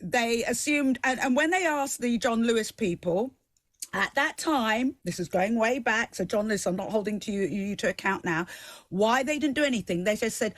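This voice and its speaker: Animated, emphatic woman TV host. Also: a little high, moderate pace, no echo. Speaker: TV talk show host. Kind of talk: live TV debate and personal story.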